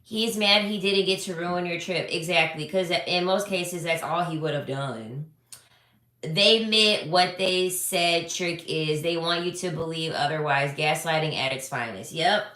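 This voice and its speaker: A woman's voice: lowish voice, unhurried. A young adult woman giving blunt, sassy relationship commentary, talking casually to her viewers. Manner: blunt, animated, sassy, swears freely. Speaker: relationship advice creator. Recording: echoey room.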